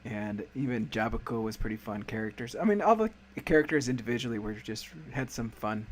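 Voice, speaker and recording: A man's voice: medium pitch, lively intonation, a little fast, a little hiss or hum. A man hosting a casual anime review chat, talking loosely and laughing often. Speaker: podcast host.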